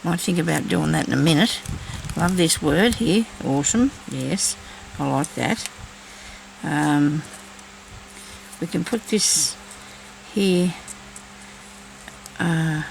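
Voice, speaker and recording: A woman's voice: fairly low pitch, expressive, slow pace, vocal fry, a little hiss or hum, rough recording. A woman chatting casually while she crafts, thinking aloud and talking to herself as she works. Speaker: crafting vlogger.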